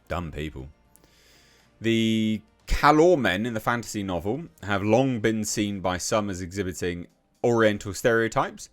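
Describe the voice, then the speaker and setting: Scornful English man ranting, lively pitch. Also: a little slow, faint music behind. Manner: reads passages aloud then reacts with blunt, profane scorn. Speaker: online commentator. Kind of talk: ranting commentary on a news article.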